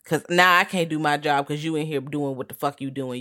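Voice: mid-range voice, fairly even intonation, fairly quick, bright, forceful tone, no room sound. Co-host with a blunt ranting delivery and frequent swearing, recorded in a dry, close setting. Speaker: podcast co-host. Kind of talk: casual film-review chat.

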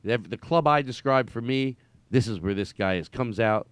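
A man's voice: medium pitch, moderate pace, smooth, no room sound. A man hosting a podcast in casual comedic chat, playful and rambling as he teases his guest. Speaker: podcast host.

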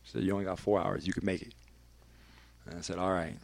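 A man's voice: sits low, fast, gravelly. A man, a radio personality, telling a candid and emphatic personal story as a podcast guest, swearing freely.

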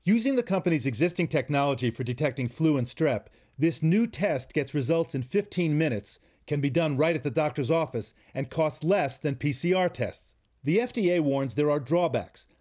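A man reporting as a medical correspondent, calm and explanatory. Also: on the high side, moderate pace. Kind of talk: news report narration.

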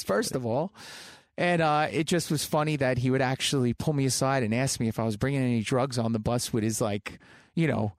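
A man in his thirties, a guest musician telling stories in a casual interview, animated, laughing often and trailing off with fillers. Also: medium pitch, brisk, dry recording, clean studio sound. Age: 30s.

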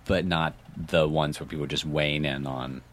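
A man guesting on a podcast, talking casually about filmmaking, jokey and quick to laugh. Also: rumbling low. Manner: laughs often, animated, jokey.

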